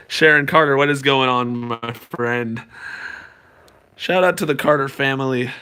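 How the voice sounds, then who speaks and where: A young man, a balloon artist, chatting excitedly and jokingly with viewers on a live stream. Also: medium pitch, a little slow, clear, resonant tone. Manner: excitable, joking, playful voices.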